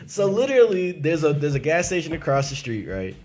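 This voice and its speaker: A man's voice: a little high, fairly quick. A man co-hosting a podcast, telling a story in casual chat, swearing and acting out what people said. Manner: animated, profane storyteller acting out quotes. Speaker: podcast co-host.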